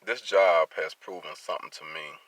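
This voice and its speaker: A man with a very low voice vents to his viewers, heated and angry. He talks bluntly and swears freely, like a worker unloading after a rough day on the job. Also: moderate pace, fairly bright tone, no echo. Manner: blunt, profane, heated street talk. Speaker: traveling field welder. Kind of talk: venting vlog monologue.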